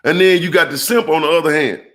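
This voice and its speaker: Man, fairly high voice, preacher-style relationship commentator talking straight to his viewers. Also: quick pace, fairly bright tone. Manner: preacher-like call-outs to the audience; emphatic, rhetorical questions. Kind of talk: animated monologue to viewers.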